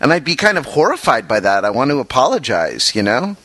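A man in casual podcast banter who drifts into long, rambling anecdotes. His voice is bright and forward. It sits dry and close to the mic. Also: mid-range voice, big pitch swings, fairly quick, no room sound. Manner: rambling storyteller, chatty. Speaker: podcast co-host. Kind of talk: casual chat.

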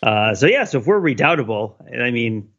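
A man with a husky voice thinks aloud in a casual podcast chat. His pitch is ordinary and mid-range. The mic sounds dull and lo-fi. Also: sing-song, a little fast, fairly bright tone.

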